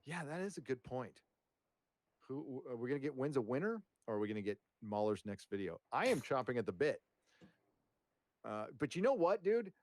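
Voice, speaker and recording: Rambling, swearing live-stream host, dry mic. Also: male voice, medium pitch, darkish tone, dry recording. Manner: rambling, jokey, swears a lot. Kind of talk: casual live-stream chat. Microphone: headphones and desk mic.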